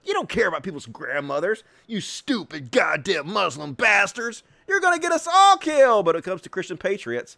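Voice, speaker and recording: A male host giving profane, sarcastic political commentary, swinging between mutters and yells. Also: high voice, sing-song, moderate pace, gravelly.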